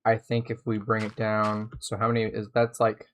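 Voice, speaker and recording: A man's voice: fairly low pitch, monotone, normal speed, fairly bright tone, slight background noise. A man live-streaming a building game, chatting casually and thinking aloud as he plays.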